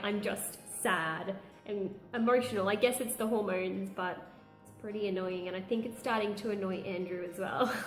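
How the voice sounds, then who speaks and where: A woman's voice: a little high, echoey room. A young woman, chatting candidly through a pregnancy update vlog and laughing now and then. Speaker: vlogger. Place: room at home.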